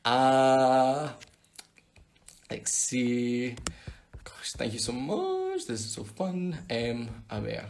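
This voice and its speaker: A man's voice: medium pitch, very animated, very slow, creaky, long pauses. A Scottish man hosting a casual live Q&A on his phone, chatting playfully and reading out viewer questions. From Scotland. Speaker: livestream host answering fan questions.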